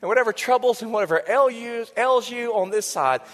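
A pastor in his forties preaching a sermon, moving between raised passages and hushed, whispered lines. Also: very high voice, brisk. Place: church sanctuary. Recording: church hall reverb with soft music.

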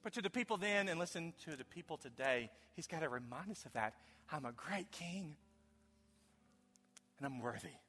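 A pastor preaching a sermon to his congregation, emphatic, swinging from loud declarations to hushed low lines. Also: animated, normal speed, long pauses, slightly rough. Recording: long hall reverb.

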